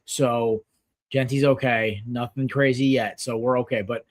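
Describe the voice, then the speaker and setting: Male podcast host, thirties, casual rambling sports talk, mid-pitched. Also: a little slow. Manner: rambling, filler-heavy, excitable.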